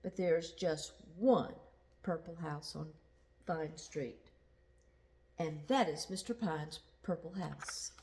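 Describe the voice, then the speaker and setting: A woman reading a children's picture book aloud, slowly and expressively, with sound effects. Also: sits low, a little mellow. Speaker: storyteller.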